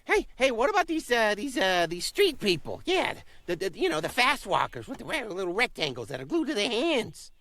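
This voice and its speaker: A man voicing a loud, gleefully mean male goose that honks and brags about menacing people. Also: sits high, sing-song, fairly quick, few pauses, no room sound, pitched above the performer's own voice, heavily acted. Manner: honking, gleefully mean, squealing laughs.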